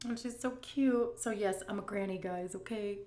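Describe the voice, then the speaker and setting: A woman's voice: medium pitch, a little mellow. Candid middle-aged woman, echoey room. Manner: candid, emotional, drawn-out emphasis. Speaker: vlogger answering viewer questions. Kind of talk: casual Q&A chat.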